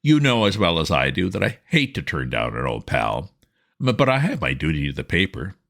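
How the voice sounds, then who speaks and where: A man voicing a jovial, exuberant young gentleman who talks in a hearty, breezy way. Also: low-pitched, wildly swooping pitch, brisk, creaky, exaggerated voice.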